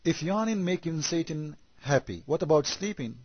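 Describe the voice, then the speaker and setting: A man's voice: on the high side, expressive, moderate pace, breathy edge, muffled recording. A man whose first language is Arabic, giving sarcastic critical commentary on scripture and firing off rhetorical questions. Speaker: religious debater.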